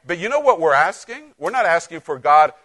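Male pastor preaching in church, all fired up, keeps restarting, gets loud then drops quiet. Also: fairly high pitch, very animated, brisk. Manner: passionate, repeats and restarts, swings from loud to soft. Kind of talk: sermon. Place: church sanctuary.

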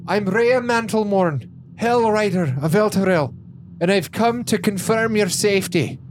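A man's voice: sits high, a little slow, a little hiss or hum, voice pushed up. A man voicing Rhea, a proud woman knight who speaks formally and insistently.

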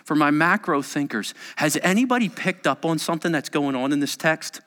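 A male pastor preaching a sermon dramatically, moving between loud urgency and hushed near-whispers. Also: fairly high pitch, fairly quick, big-room sound.

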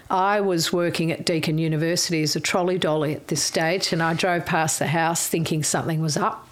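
An older Australian woman telling a candid personal story in a frank, wry, salty way, her voice going a little hoarse. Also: lowish voice. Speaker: interviewee.

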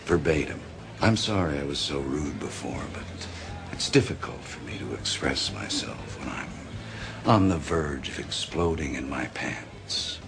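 A slow, coaxing anger therapist. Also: male voice, very deep voice, animated, gravelly, heavily acted. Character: calm, sly male anger therapist, middle-aged. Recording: film clip with music underneath.

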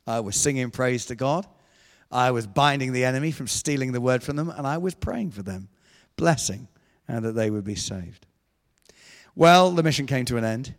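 A man preaching a sermon in a church, telling a story with animated delivery and acted-out voices. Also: medium pitch. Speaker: guest preacher. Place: church hall. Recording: echoey church hall.

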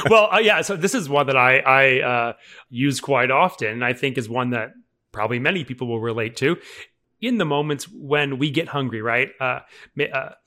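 Male co-host, mid-pitch, bright tone, relaxed conversational coach. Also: normal speed. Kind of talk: casual podcast chat.

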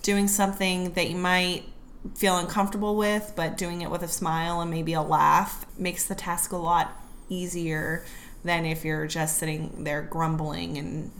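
A woman's voice: on the low side, level tone, measured pace, a little hiss or hum. A young adult woman, a fourth grade teacher, chatting casually with a co-host, laughing easily and acting out quotes. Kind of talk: casual chat.

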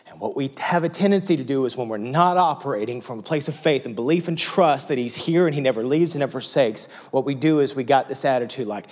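Husky man preaching in hushed whispers and loud pleas. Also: mid-range voice, lively intonation, fairly quick, hardly any pauses. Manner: swings from hushed near-whispers to loud emphatic pleading. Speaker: pastor. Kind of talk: sermon. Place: church auditorium.

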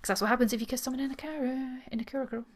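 A woman's voice: on the high side, very fast, slight background noise. A woman who hosts a book podcast, reading a novel aloud and then chatting about it enthusiastically.

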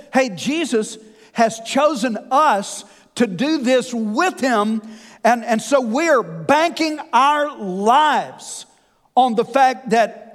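A man preaching a sermon, folksy and animated with conversational asides. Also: very high-pitched. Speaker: pastor. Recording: long hall reverb.

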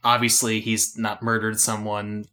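A man's voice: on the low side, completely flat delivery, unhurried, a loud crowd. A young man co-hosting a casual music podcast, rambling with restarts and frequent laughs. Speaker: podcast co-host.

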